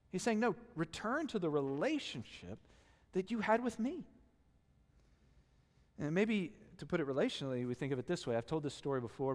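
Animated preaching man in a reverberant hall. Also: on the high side. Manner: animated storytelling, acting out quotes, self-deprecating. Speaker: pastor. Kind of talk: sermon.

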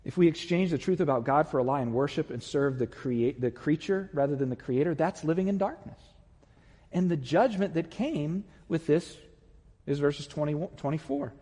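Man, pastor, sermon, husky voice, fairly high pitch, impassioned preaching. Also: lively intonation, moderate pace, in a large hall. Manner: impassioned preaching, builds to loud emphatic peaks. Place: church sanctuary.

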